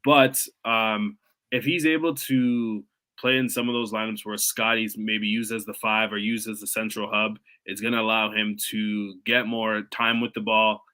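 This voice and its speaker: A man co-hosting a podcast, giving thoughtful, measured basketball analysis with small restarts. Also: on the low side, flat delivery, pushed and bright, clear, resonant tone, rough recording. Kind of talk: casual basketball analysis chat.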